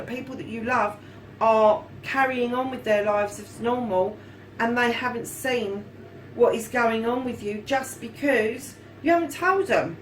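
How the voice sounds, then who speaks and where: A woman's voice: on the high side, slight background noise, rough recording. Chatty woman reading tarot. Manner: chatty, addresses viewers as darlings and lovelies; swears casually. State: hot and yawning. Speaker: tarot reader. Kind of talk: casual tarot reading to camera.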